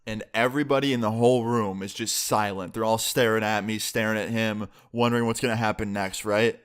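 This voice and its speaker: Young man, casual storytime, swearing a lot, voice leaps up high when excited. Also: fast, hardly any pauses, smooth. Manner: animated, profane storytelling with sudden jumps in pitch. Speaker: vlogger telling a story.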